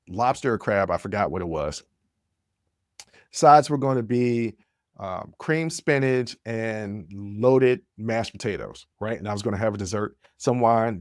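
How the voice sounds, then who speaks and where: Animated man telling a story. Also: medium pitch, no echo, clean studio sound. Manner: animated, addresses listeners directly. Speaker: podcast host. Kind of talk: storytelling monologue.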